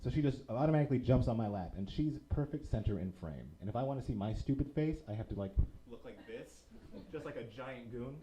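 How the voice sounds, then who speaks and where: A young man performing a stand-up comedy set, telling self-mocking stories in an animated way on a small theater stage. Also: medium pitch, quick pace, a little hiss or hum, poor audio.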